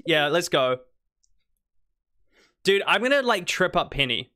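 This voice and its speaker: A man streaming a farming game live, joking, swearing and reacting excitedly as he reads the characters' lines aloud. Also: high voice, unhurried, smooth. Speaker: gaming streamer. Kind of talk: live-stream gameplay commentary.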